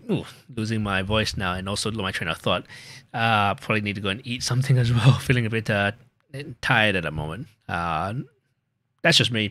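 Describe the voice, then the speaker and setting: A man of middling pitch talks loosely to his viewers as a stream winds down, drifting between thoughts with frequent fillers and false starts. His voice sits close and dry, with little room sound around it. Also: fairly bright tone, no echo. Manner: rambling, with many fillers and restarts. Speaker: gaming streamer. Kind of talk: casual end-of-stream chat.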